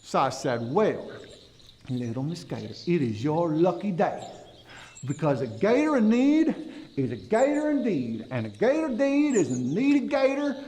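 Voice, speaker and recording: This kids' dental educator spins tall tales for children as a goofy backwoods character, drawling, folksy and animated. His voice sits high and moves a little slowly.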